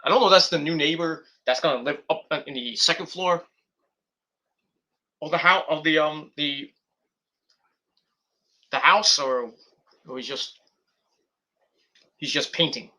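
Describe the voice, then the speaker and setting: A man's voice: fairly high pitch, a little slow, long pauses, bright, forceful tone. A man vlogging casual, rambling commentary, swearing freely and drifting off on tangents. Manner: rambling, profane, goes off on tangents. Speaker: wrestling review vlogger.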